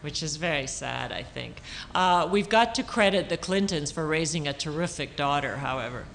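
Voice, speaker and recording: A woman author answering audience questions on a panel at a public talk, thoughtful and halting, with many restarts and fillers. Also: sits low, expressive, gravelly, a bit bright, slight background noise. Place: auditorium stage.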